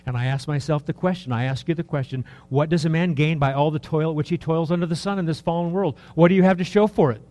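A man in his early sixties preaching a sermon in a conversational, rambling way, full of rhetorical questions, dropping to soft asides and rising for emphasis. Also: fairly high pitch, quick pace, few pauses. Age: 60s. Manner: lively, swings between soft asides and raised emphasis. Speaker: pastor.

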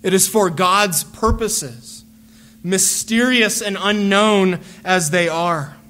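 A man preaching a sermon as a pastor, earnest and deliberate, repeating phrases as he builds a point. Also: high-pitched, pushed and bright.

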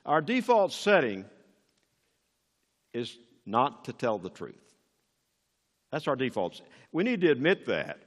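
A man's voice: mid-range voice, huge pitch swings, takes it slowly, long pauses, big-room sound. An older man preaching a sermon as pastor, emphatic and rising on key words.

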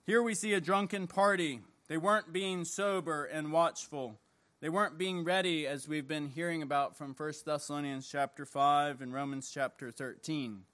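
Measured preacher man, slightly high voice. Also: fairly even intonation, fairly bright tone. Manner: measured, deliberate preaching with slowed emphatic phrases. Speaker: pastor. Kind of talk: sermon with scripture reading and prayer. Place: church service.

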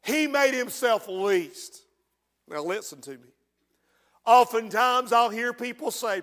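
A man preaching a fervent sermon, dropping to a hush and then rising to shouts. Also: sits high, animated, unhurried. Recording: long reverb in a large hall.

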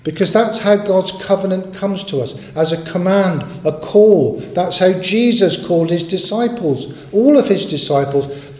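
A man delivers a sermon with a somewhat raised pitch and an earnest, emphatic manner. He drives home his points by repeating them. His voice rings in an echoey room. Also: a little slow, darkish tone. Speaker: preacher.

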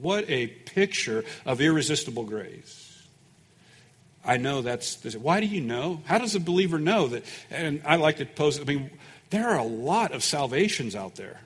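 A man preaching a sermon as pastor, folksy and conversational, growing louder and more emphatic when he reads scripture. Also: on the high side, sing-song, normal speed, husky, long reverb tail. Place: church sanctuary.

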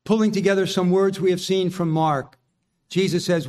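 A man's voice: fairly even intonation, moderate pace, a little mellow. A man preaching a sermon earnestly, reading scripture and asking the listeners searching questions. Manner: earnest preaching, rising in pitch when quoting. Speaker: pastor.

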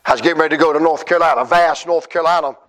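A middle-aged man preaching a revival sermon at a church conference, crying out and shouting in rising bursts, with folksy, self-deprecating humor. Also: fairly high pitch, very fast.

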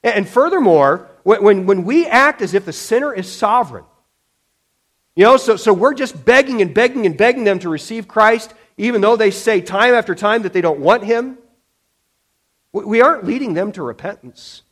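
A male preacher delivers a sermon in a fairly high voice. He presses his points with emphasis, stumbles over repeated words, and slips into quick voiced impressions of other people. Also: lively intonation. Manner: emphatic, with frequent restarts and acted-out quotes. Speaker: pastor.

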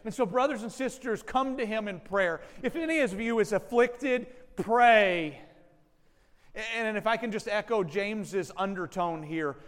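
A man's voice: high-pitched, unhurried, fairly bright tone. A man preaching a sermon as pastor, speaking earnestly and directly to his congregation. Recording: long hall reverb.

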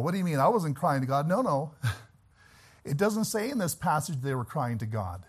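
A male preacher delivering a sermon, moving from slow, quiet reflection to loud, fervent exhortation that rises to shouts. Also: on the high side, slightly rough.

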